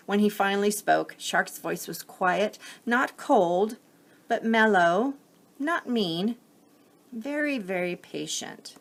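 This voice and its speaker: A woman reading a picture book aloud to children as a teacher, gently pausing to explain the story. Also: medium pitch, lively intonation.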